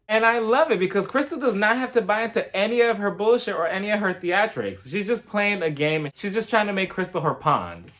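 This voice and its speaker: A man's voice: high-pitched, animated, a little fast, hardly any pauses, fairly bright tone. A young man giving a sassy, gossipy recap of a reality TV episode in a casual, playful way. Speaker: reality TV reviewer.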